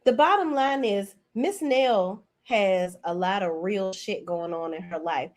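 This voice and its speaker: A woman in her forties giving a blunt, profane, sassy reality TV recap rant as host. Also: a little slow. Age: 40s. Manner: mocking and animated, swings between high and low. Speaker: commentary host.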